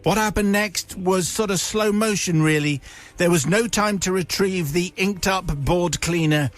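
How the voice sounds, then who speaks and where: A radio host, a man, reading a listener's funny letter aloud in a lively, playful storytelling manner. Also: high-pitched, a little slow. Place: radio studio.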